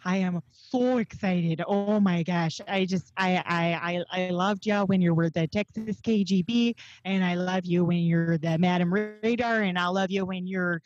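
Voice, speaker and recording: A woman's voice: on the low side, fairly even intonation, unhurried, hardly any pauses, a little mellow, no echo, highs cut off, natural voice. A woman comedian playing a scatterbrained, gushing older superfan, stammering over a video call. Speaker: comedian interviewer.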